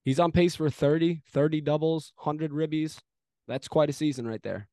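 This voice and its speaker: A young man co-hosting a casual sports podcast, telling an animated, profane story and throwing in mock home-run calls. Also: a little high, normal speed, dry recording. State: arm in a sling after shoulder surgery. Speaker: podcast co-host.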